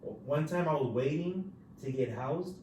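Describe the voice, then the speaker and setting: Telling prison stories on his podcast, this laid-back, profane male host says "dude" in almost every phrase of his casual chat. He speaks at a normal speed in a warm voice on the high side. Faint ambient hiss, a roomy echo and a distant mic position mark the recording.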